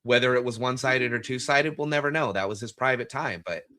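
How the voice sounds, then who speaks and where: A man interviewing a guest, telling a reflective anecdote in a measured, conversational way. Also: mid-range voice, pushed and bright.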